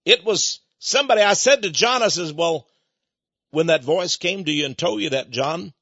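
A man preaches, telling a story with a husky voice that swings widely in pitch. He chuckles between points and asks his listeners questions. The recording is dull and lo-fi. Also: animated, normal speed, a bit bright, no room sound. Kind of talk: sermon storytelling.

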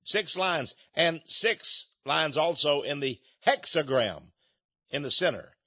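An older American man preaching a fiery radio sermon in a fervent, preachy way, swinging between loud outbursts and low asides. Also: lively intonation, takes it slowly, no echo, lo-fi sound. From United States.

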